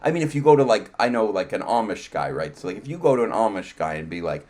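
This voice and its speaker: A man's voice: lowish voice, sing-song, quick pace, few pauses, a little mellow. A man hosting a casual chat, animatedly telling stories and acting out both sides of conversations.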